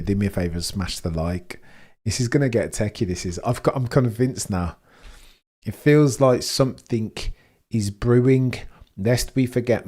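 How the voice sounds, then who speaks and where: A man hosting a live stream, giving chatty, excitable race watchalong commentary and laughing often. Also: low voice, slightly rough.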